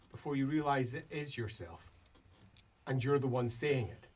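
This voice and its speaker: A man's voice: mid-range voice, unhurried. A man narrating as a playful game master. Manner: lively, playful, laughing narration.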